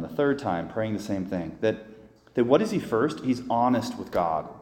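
Priest preaching a homily, low mellow voice, earnest and conversational, with long church reverb. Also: male voice, expressive, moderate pace. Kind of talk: sermon. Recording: echoey church hall.

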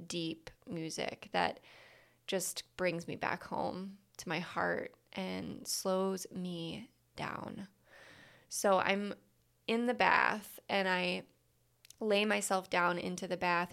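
Female host, reflective solo talk, lots of "like," gravelly yet smooth tone. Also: on the low side, a bit bright. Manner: candid, reflective, frequent "like" fillers. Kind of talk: candid personal monologue.

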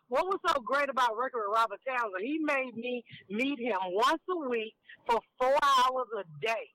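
A woman comedian in her fifties, a guest on a phone interview, talking frankly and down to earth in animated stories. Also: high voice, no room sound. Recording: tinny phone line.

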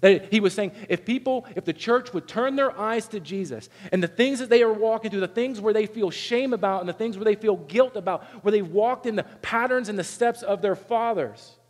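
High-voiced man preaching in a reverberant hall. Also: brisk, few pauses. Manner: animated preaching, acts out quoted complaints in a raised voice. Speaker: pastor. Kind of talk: sermon.

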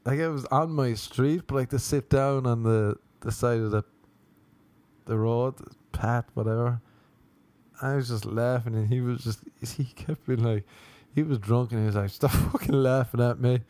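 A young man spins a rambling, profane story, laughter spilling through his words. His voice sits at an ordinary middle pitch, and the recording is close and dry, with no room around it. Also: steady tone, moderate pace, a little mellow, no room sound. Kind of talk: casual anecdote.

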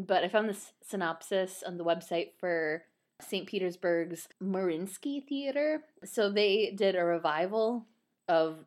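A woman's voice: mid-range voice, a little slow, a little mellow. A woman in casual chat who reads a ballet synopsis aloud, often laughing and stumbling over unfamiliar names. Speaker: podcast co-host.

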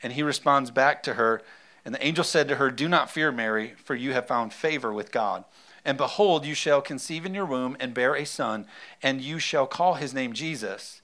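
A man's voice: medium pitch, normal speed, bright, forceful tone. A man preaching a sermon in a conversational way, acting out little asides and reading scripture aloud. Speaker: pastor.

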